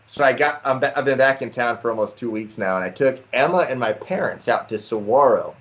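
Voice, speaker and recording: A young man casually telling a lively fishing story to friends on a podcast and calling them "dude" a lot. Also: medium pitch, a little fast. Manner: animated storyteller, says "dude" often. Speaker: podcast co-host. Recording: slightly dull lo-fi sound.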